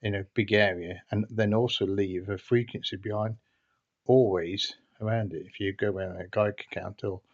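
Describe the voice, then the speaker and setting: A man recounts a tale in a casual, meandering way. He hesitates often and restarts his sentences, and his voice sits fairly low. The recording sounds dull and lo-fi. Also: fairly even intonation, moderate pace. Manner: hesitant and rambling, frequent restarts. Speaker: storyteller. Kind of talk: casual anecdotal storytelling.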